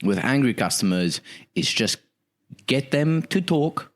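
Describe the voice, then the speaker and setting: A man's voice: medium pitch, animated, unhurried. A man co-hosting a comedy podcast, talking in a rambling, earnest, mock-formal customer-service manner. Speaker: podcast co-host. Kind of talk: casual comedic role-play and banter.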